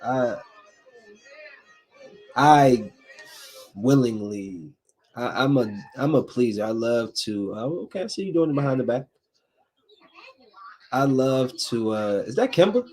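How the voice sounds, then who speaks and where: A man's voice: medium pitch, lively intonation, a little slow, pauses often, darkish tone, faint music behind. A man hosting a casual solo podcast, rambling and laughing as he talks to viewers. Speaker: podcast host.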